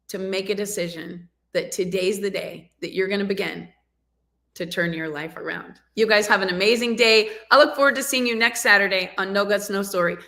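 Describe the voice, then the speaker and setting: A woman coaching an audience live over a video call, her voice bright and forceful. She speaks emphatically, pushing listeners to take action. The sound comes from a video call microphone. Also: mid-range voice. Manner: emphatic, rousing, urges the audience to act. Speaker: motivational coach and show host.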